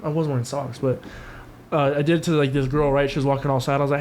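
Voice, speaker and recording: A man's voice: fairly high pitch, steady tone, fast, a little mellow, slight background noise. A young man co-hosting a podcast, telling rambling, profane stories in casual chat and mimicking the people in them. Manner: rambling, profane storytelling with quoted voices. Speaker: podcast co-host.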